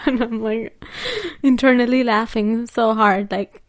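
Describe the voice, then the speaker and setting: A woman's voice: fairly high pitch, steady tone, unhurried. A young woman vlogger telling a story in casual chat, laughing often and using lots of filler words.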